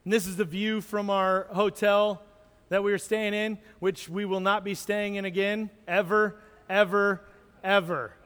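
A man, a pastor, telling a lively story from a mission trip during a sermon, acting out moments as he goes. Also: sits high, normal speed, clean tone. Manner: animated storyteller, acts out moments. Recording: long hall reverb.

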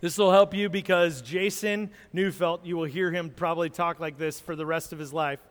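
A man, a pastor, telling a lively story from a mission trip during a sermon, acting out moments as he goes. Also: a little high, moderate pace. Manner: animated storyteller, acts out moments. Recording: long hall reverb.

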